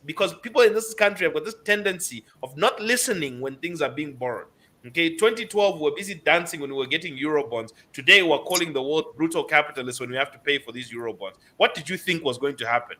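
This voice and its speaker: A man's voice: on the high side, pushed and bright. A man giving financial advice on a talk show, lecturing emphatically and repeating key words for stress. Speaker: financial commentator.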